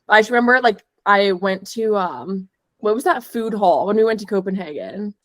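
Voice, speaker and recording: A young woman co-hosting a podcast, telling a story and playfully acting out the lines of the people in it. Her pitch sits in an everyday middle range. The recording is dry and close, with no echo. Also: moderate pace, a bit bright. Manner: chatty storyteller, acts out quoted lines. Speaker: podcast co-host. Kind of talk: casual podcast chat.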